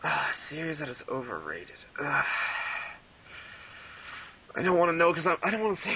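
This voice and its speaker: A man's voice: a little high, bright, forceful tone, a little hiss or hum, poor audio. A young man rambling casually as an interview guest, full of "like" and "um" and frequent laughs. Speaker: interview guest, fan voice actor.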